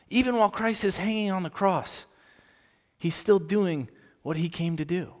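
A male pastor delivering a sermon, posing rhetorical questions and swinging from loud emphasis to soft asides, in a long hall reverb. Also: sits high, sing-song, normal speed.

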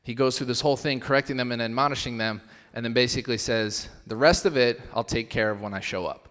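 Talking fast in a bright mid-range voice, this young man preaches as a pastor, casual and sprinkled with fillers. He lifts his voice to stress the scripture he reads, and the church hall adds a long echo.

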